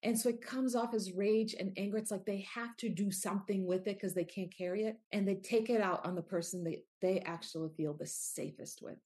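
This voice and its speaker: A middle-aged woman, an author appearing as a guest, talks earnestly and from the heart in a candid interview conversation, with quoted asides. Her medium-pitched voice is a little mellow, and she speaks briskly with hardly any pauses.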